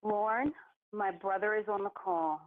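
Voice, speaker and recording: A woman on a phone call, halting and apologetic, stumbling over her words. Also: medium pitch, no echo. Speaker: caller. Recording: tinny phone line.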